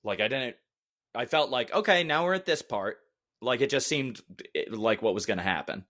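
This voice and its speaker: A man's voice: medium pitch, animated, moderate pace, a bit bright. A man co-hosting a podcast in casual chat, rambling and correcting himself with a wry edge. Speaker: podcast co-host.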